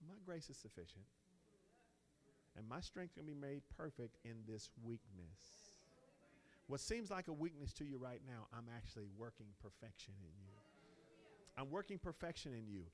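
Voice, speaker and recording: A man preaching a sermon, swinging from slow, soft quoted prayers up to loud, exclaimed lines. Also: on the high side.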